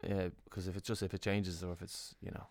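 A man's voice: low voice, little pitch movement, brisk, darkish tone. A young Irish man co-hosting a podcast in casual, laid-back chat, swearing and laughing easily. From Ireland. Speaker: podcast co-host.

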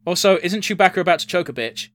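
A man's voice: high voice, lively intonation, fast, fairly bright tone, no room sound. A man chatting casually while watching a film, blunt and swearing freely. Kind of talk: casual chat reacting to a film.

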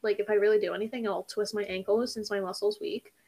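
A teenage girl co-hosting a podcast in casual chat, talking fast, swearing often and sometimes stuttering. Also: medium pitch, steady tone, a little mellow. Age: teens. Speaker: podcast co-host.

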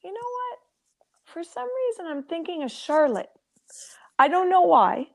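A woman's voice: very high voice, big pitch swings, moderate pace, vocal fry. A woman co-hosting a podcast in playful casual chat, laughing often. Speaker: podcast co-host.

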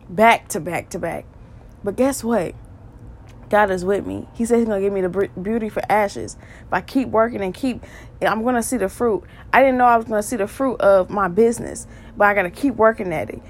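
A woman's voice: mid-range voice, slight background noise. A woman hosting a podcast and sharing a faith testimony, earnest and repetitive, stressing points again and again. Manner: earnest and repetitive, with quick bursts of emphasis and laughs. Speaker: podcast host. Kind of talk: faith testimony talk, preaching.

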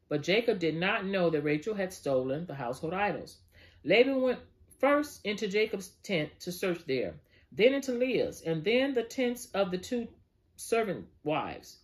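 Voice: medium pitch, lively intonation, a little fast. A Bible study teacher reading scripture aloud and breaking off for casual, conversational comments. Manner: conversational asides, frequent fillers.

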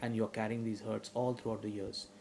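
Man preaching a sermon, warm tone. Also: fairly low pitch, level tone, a little fast, creaky, a little hiss or hum, rough recording. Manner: rising to loud emphatic preaching; asks the audience questions.

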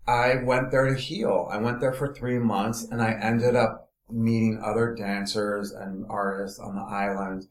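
A man's voice: on the low side, measured pace, hardly any pauses, echoey room. Reflective man telling his story. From Los Angeles. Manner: animated storytelling, trailing off and restarting. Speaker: interview guest. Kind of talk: casual conversational interview.

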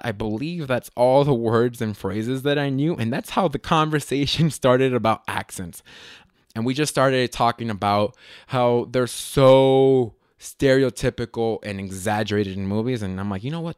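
A man from Las Vegas hosting a casual podcast, telling stories in a rambling, self-correcting way with sudden lively jumps in pitch. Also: clean tone, no echo, clean studio sound. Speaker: podcast host. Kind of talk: casual solo podcast storytelling.

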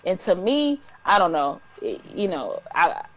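A woman's voice: lowish voice, huge pitch swings, unhurried, rough recording. A woman from Detroit co-hosting a casual podcast chat, talking in a rambling way with many ums and restarts. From Detroit, USA. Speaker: podcast co-host.

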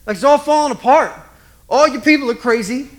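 A preacher voicing a despairing prophet who complains frantically that everything has fallen apart. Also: male voice, very high-pitched, a little fast, voice pushed up. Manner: complaining, agitated. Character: despairing prophet man, self-pitying and frantic.

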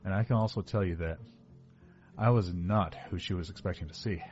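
A man's voice: deep voice, brisk, darkish tone, highs cut off, soft background music. A man narrating a first-person horror story in a wry, casual, self-mocking way.

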